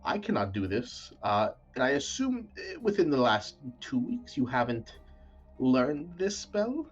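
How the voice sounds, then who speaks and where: A man voicing an awkward, bookish young female wizard helper who speaks in halting, flustered restarts. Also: extremely low pitch, sing-song, dull audio, soft background music, pitched above the performer's own voice, full character voice. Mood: gloomy.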